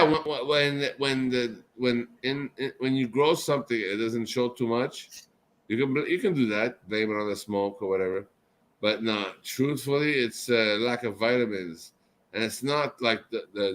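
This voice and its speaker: A man's voice: mid-range voice, normal speed. Drunk, rambling man hosting a chat. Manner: profane, rambling, swings between loud outbursts and mumbling. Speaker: show host.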